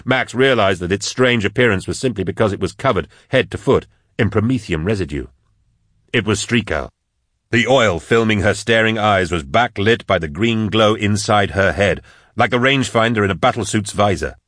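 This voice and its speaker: Low-voiced man narrating an audiobook. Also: moderate pace, dry recording, clean studio sound. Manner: steady, dramatic reading.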